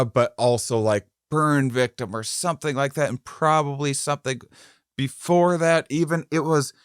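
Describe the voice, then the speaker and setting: A man's voice: fairly high pitch, clean tone, no echo, clean studio sound. A man in his thirties, a podcast co-host, telling a rambling comic story full of restarts and breaking into laughter at the punchlines. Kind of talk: comedic storytelling.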